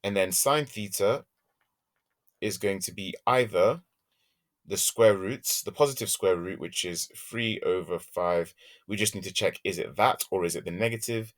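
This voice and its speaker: A man teaching a maths lesson, working through examples step by step and thinking aloud as he goes, humming softly while he draws graphs. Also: low-pitched, normal speed.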